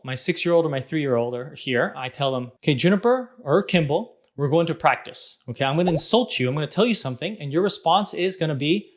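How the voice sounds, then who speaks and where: A man in his thirties talks straight to his audience about raising kids, with a fairly high voice. He speaks in a casual, animated way and slips into little acted-out quotes as he goes. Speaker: parenting vlog host. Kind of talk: casual advice monologue.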